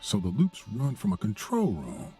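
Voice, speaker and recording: A man's voice: fairly low pitch, wildly swooping pitch, moderate pace, mellow, soft background music. An actor playing a cynical, foul-mouthed male assassin in a video game, delivering dry quips. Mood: sardonic. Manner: sardonic, swearing, dry quips.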